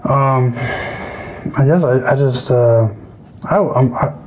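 A man's voice: medium pitch, takes it slowly, darkish tone, rough recording. A young man on a podcast, talking casually and hesitantly, often restarting his sentences. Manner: hesitant, many restarts and fillers. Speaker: podcast guest.

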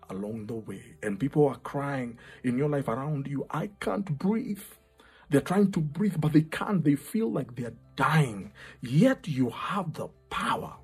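A man preaching an impassioned sermon, repeating his phrases and dropping to a hush at times. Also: mid-range voice. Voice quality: very husky.

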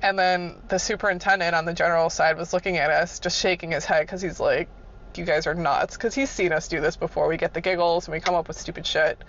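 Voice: mid-range voice, fast, few pauses. A person telling job-site stories in a casual, rambling way, full of side notes, fillers and acted-out reactions. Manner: expressive, acts out reactions with gasps. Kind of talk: casual storytelling. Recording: dull recording with faint noise. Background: loud car passing at times.

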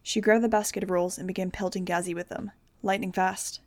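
Young woman reading a novel out loud, steady and plain, middle pitch, dry close sound. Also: a little fast, no room sound. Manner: steady, plain first-person storytelling. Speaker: audiobook reader. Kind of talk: amateur audiobook narration.

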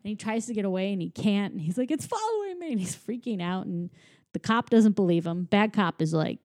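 Chatty woman with a mellow voice. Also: mid-range voice, fairly quick, dry recording, studio quality. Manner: chatty, acts out lines in silly voices, giggly. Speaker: podcast co-host. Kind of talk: casual movie recap chat.

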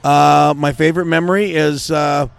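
A man's voice: on the high side, steady tone, moderate pace, gravelly. A man who is a guest on a casual podcast, joking around and rambling with many restarts.

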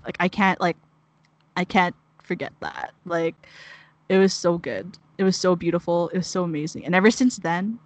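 A woman's voice: fairly low pitch, normal speed. A young woman telling a heartfelt story in casual chat, rambling with many "like"s. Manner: rambling, heavy use of "like", emotional storytelling. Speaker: guest sharing a mission story.

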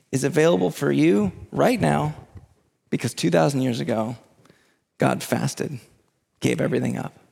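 Pastor, male, gravelly fervent preacher, higher register, long hall reverb. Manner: impassioned preaching, rising to near-shouts at the climax. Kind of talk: sermon.

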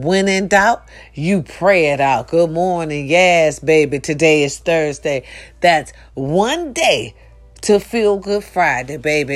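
A woman's voice: low-pitched, expressive, slow pace. A woman with her early morning voice, hosting a casual morning talk for her followers and preaching bluntly with profanity and call-and-response phrases. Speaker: morning show host.

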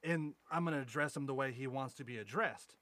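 A man's voice: medium pitch, a little fast, fairly bright tone, dry recording. A man co-hosting a podcast, telling profane, rambling anecdotes and mocking his friends in casual banter. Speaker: podcast co-host.

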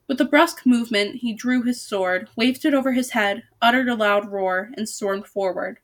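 A woman's voice: a little high, normal speed, hardly any pauses. Woman reading a storybook aloud. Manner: casual asides, self-corrections. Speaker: storybook reader. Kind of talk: reading a children's novel aloud.

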